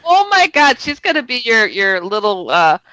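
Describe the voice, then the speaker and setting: A woman's voice: medium pitch, moderate pace, no room sound, lo-fi sound. A woman co-hosting a radio talk show, telling stories animatedly, often laughing and acting out voices. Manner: animated storyteller, laughs often, acts out dialogue. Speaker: radio co-host. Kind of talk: casual radio chat.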